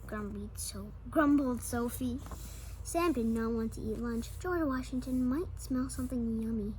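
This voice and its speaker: A woman's voice: on the high side, unhurried, darkish tone, slight background noise, low-quality recording. A woman reading a children's picture book aloud, with small slips, restarts and asides to the listener. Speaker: storybook reader.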